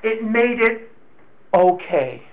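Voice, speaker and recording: A man sharing a candid personal story of recovery, slow and reflective, often repeating his words. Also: high-pitched, lively intonation. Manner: candid and confessional. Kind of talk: personal testimony to a group. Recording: tinny phone-like recording.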